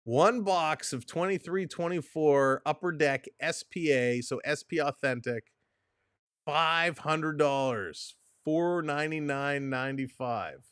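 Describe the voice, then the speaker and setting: A man hosting a live stream, chatting casually and venting his frustration out loud. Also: fairly high pitch, slow pace, clean tone, dry recording, clean studio sound. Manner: frustrated, exasperated, talks to himself and chat.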